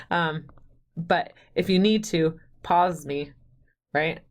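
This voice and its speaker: This is a recorded math lecture by a woman, an adult with a husband and kids, whose voice sits slightly low and moves extremely slowly. Talking right to her students, she keeps things chatty and jokes at her own expense, occasionally counting quietly while sketching at the board.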